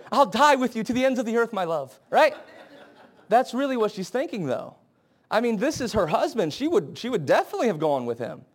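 Young guy preaching, kinda high voice, chatty and earnest, throws in little acted-out bits. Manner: earnest and conversational, acts out scenes with quoted voices. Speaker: pastor. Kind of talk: sermon.

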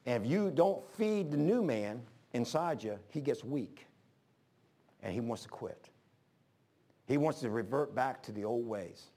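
A man preacher telling a sermon story, emphatic and swinging between loud and hushed. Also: mid-range voice, lively intonation, measured pace.

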